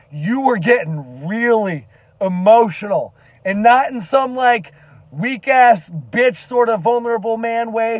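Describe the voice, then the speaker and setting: A man's voice: high voice, a little mellow, no echo, lo-fi sound. A man giving an earnest, impassioned monologue to camera as a commentary vlogger, emphatic and swearing now and then.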